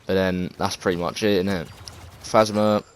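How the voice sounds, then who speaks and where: A man's voice: low-pitched, steady tone, moderate pace, a little hiss or hum. An English man giving casual, rambling gameplay commentary, full of fillers, restarts and swearing. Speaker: gaming video creator.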